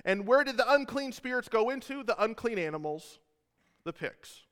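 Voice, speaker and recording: A man's voice: very high voice, expressive, moderate pace, a bit bright, clean tone, long reverb tail. A man preaching a sermon as a pastor, retelling scripture in a casual way with joking asides to the congregation.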